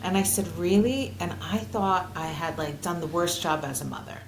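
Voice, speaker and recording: A woman in her forties speaks as an interview guest, earnest and heartfelt, her voice sitting a little low. Her talk is loose, full of fillers and restarts. The room rings with echo, and a faint hiss sits under her. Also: moderate pace. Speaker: guest clinical social worker. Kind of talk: conversational interview. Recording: roomy echo.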